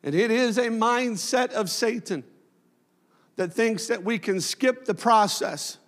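High, bright-voiced preaching pastor. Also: male voice, slow pace. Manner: impassioned preaching, swelling to shouts. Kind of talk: sermon. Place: church sanctuary. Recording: long church hall reverb.

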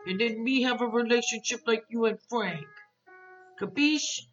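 A woman voicing a gruff, bossy, tough-talking New Jersey husband. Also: extremely high pitch, moderate pace, fairly bright tone, recorded from a distance, dull audio, faint music behind. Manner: bossy tough-guy talk.

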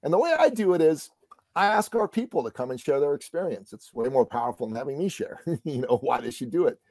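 A middle-aged man, a business coach, telling a motivational story in a lively conversational way. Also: medium pitch, fast talker, dry recording.

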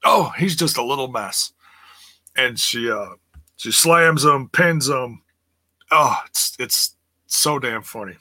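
A man talks through a wrestling recap in a casual, rambling way, breaking into laughter and reading viewer comments aloud. His voice is bright and forward. He speaks slowly, with plenty of restarts, and the sound is dry and close. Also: mid-range voice, lively intonation, no echo. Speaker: wrestling review host.

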